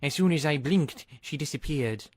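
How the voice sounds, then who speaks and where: A man's voice: on the high side, expressive, normal speed, no room sound, pitched above the performer's own voice. A man voicing an earnest male diesel engine in a storybook reading.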